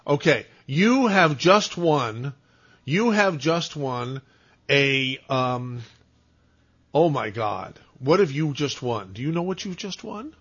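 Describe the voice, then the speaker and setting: A man's voice: medium pitch, lively intonation, takes it slowly, fairly bright tone, husky. Fumbling, jokey male radio host. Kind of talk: call-in radio chat. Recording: slightly dull, lo-fi sound.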